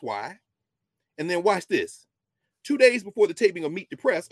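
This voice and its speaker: A man giving an impassioned history lecture, moving between quiet asides and loud emphatic bursts. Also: high voice, no room sound.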